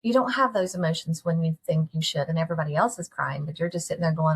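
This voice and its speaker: Talking fast, this middle-aged podcast host addresses listeners head-on in a candid solo episode, sincere and homespun, constantly firing direct questions at them. There's a husky grain to her low-leaning voice.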